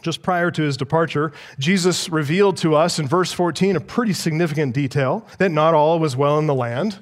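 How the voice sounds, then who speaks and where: Higher-voiced man preaching a sermon. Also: a little fast, big-room sound. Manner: teaching, asks the listeners questions. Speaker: pastor. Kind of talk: expository sermon.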